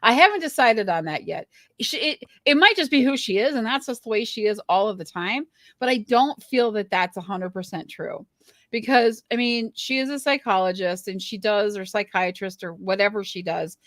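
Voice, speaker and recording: A woman hosting a podcast in casual chat, leading the discussion in a lively way. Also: medium pitch, normal speed, no echo, studio quality. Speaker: podcast host. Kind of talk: casual chat recapping a reality show.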